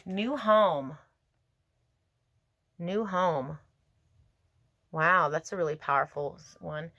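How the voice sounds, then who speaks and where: A woman giving a tarot reading to her viewers, talking in a gentle, emotive, spiritual way that wanders from thought to thought. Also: on the low side, no room sound. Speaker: tarot reader.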